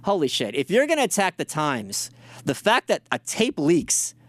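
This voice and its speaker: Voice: mid-range voice, wildly swooping pitch, normal speed, a bit bright, no echo. A podcast host giving profane, sarcastic commentary on video clips and mocking the people in them. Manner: sarcastic, mocking, swears a lot; mimics others in put-on voices.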